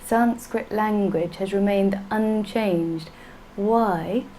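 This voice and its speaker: A woman's voice: medium pitch, slow pace, warm tone, a little hiss or hum, rough recording. A woman teaching a class, patient and playful, often laughing. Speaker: Sanskrit teacher. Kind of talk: classroom lesson.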